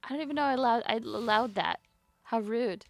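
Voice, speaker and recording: A woman chatting to herself while she plays a video game, rambling and giggly, her voice climbing high when she gets nervous. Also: brisk, faint music behind. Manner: rambling self-talk, giggly. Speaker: streamer. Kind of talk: casual gameplay commentary.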